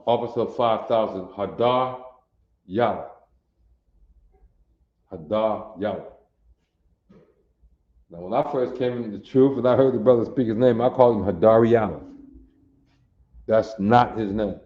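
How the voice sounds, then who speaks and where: A man's voice: fairly low pitch, unhurried, long pauses. A man teaching a language class, repeating words and drilling pronunciation insistently. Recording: echoey, dull lo-fi room.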